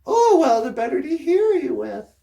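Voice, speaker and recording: A woman's voice: high voice, very animated, moderate pace, creaky, dark tone, heavily acted. A woman voicing a sly male big bad wolf in a comic fairy-tale retelling, smarmy and brazen.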